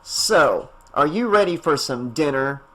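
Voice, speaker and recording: A man's voice: on the high side, expressive, unhurried, a bit bright. Man doing a brash, teasing woman. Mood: breezy. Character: brash, joking woman babysitter, thirties.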